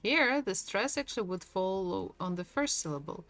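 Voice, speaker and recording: A woman teaching a language lesson, patiently repeating each word slowly for her students. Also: mid-range voice, expressive, a bit bright, faint music behind.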